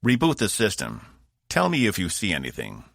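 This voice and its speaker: A man's voice: fairly low pitch, wildly swooping pitch, moderate pace, gravelly, fairly bright tone, no echo, clean studio sound, voice pushed up, full character voice. A man voicing a tired, firm male crew leader in an audiobook. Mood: curt. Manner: curt, commanding. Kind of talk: audiobook narration.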